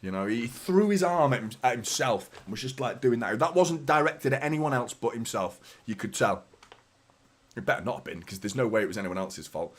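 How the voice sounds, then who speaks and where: Hoarse fan commentating a match. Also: male voice, mid-range voice, lively intonation, a little fast. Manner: chatty, sweary, teasing banter. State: hoarse, sore throat. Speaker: fan watchalong host. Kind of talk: live match commentary and casual chat.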